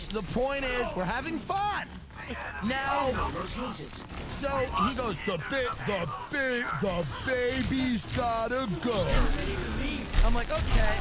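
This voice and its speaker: A man, a stand-up comedian, telling a story as a profane comic rant and acting out other people's lines. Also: high-pitched. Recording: loud music behind the voice.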